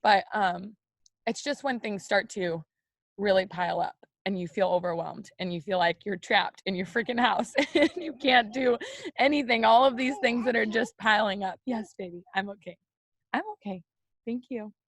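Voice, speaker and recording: A woman's voice: mid-range voice, moderate pace. A woman hosting a casual morning video chat, speaking openly and directly to her viewers as "you guys", with many "like" and "you know" fillers. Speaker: host of a morning live video for women.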